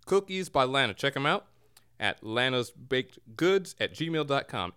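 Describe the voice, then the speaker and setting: A man's voice: mid-range voice, expressive, measured pace, sharp tone. A man hosting a casual comedy podcast from a home room, with a playful mock radio-announcer delivery. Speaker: podcast host. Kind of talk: casual comedic chat show. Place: home room near a window.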